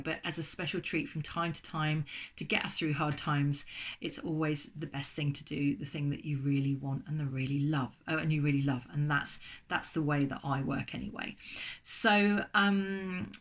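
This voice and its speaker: A woman's voice: low-pitched, normal speed. A middle-aged English woman with an English accent, chatting casually and enthusiastically as a food vlogger, with plenty of ums along the way. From England. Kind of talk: casual chat.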